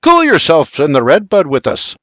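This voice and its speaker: A man's voice: a little high, huge pitch swings, moderate pace, pushed and bright, no room sound, full character voice. A man voicing a proud, teasing father in a bluff brogue, in an audiobook. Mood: jovial.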